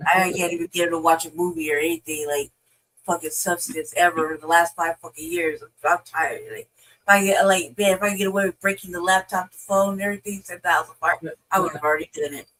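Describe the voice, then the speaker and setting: A woman's voice: on the low side, fairly even intonation, fast talker, fairly bright tone, slight background noise, rough recording. A woman co-hosting a podcast in casual chat, blunt and swearing, with many restarts and fillers. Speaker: podcast co-host.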